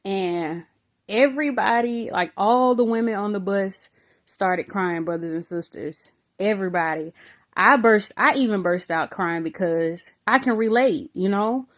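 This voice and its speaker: A woman's voice: mid-range voice, a little slow. A woman giving an earnest spoken testimony about a vision, talking conversationally with fillers and calling her viewers brothers and sisters. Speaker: faith vlogger recounting a vision.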